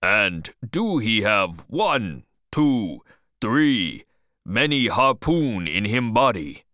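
A man's voice: on the low side, very animated, drawn-out words, sharp tone, no room sound, clean studio sound, exaggerated voice. A man voicing an eager male harpooner who speaks in broken English, in a storybook reading.

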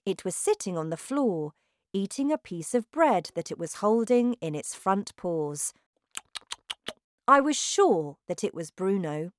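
A woman narrating a children's storybook in a slow, clearly articulated scripted reading. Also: medium pitch, sing-song, no room sound.

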